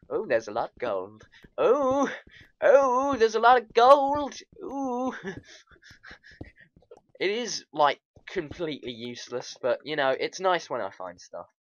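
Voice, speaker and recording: A man giving rambling, excitable commentary over his game, chatting to viewers and laughing often. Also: mid-range voice, no echo, muffled recording. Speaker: gaming video host.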